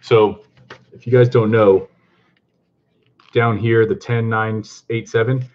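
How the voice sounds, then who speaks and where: A talkative man hosts a casual live stream and keeps greeting viewers between laughs. His voice sits on the low side and comes through with a dull, lo-fi recording. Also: slow pace. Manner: excitable and chatty, greets viewers, laughs often. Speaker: comic book vlogger hosting a live stream.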